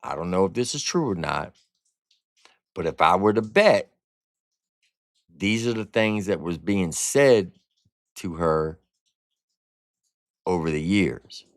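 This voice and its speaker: A man's voice: deep voice, animated, slow pace, long pauses, dry recording, clean studio sound. A man hosting a casual livestream album review, talking in blunt, profane slang. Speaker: music reviewer and streamer host.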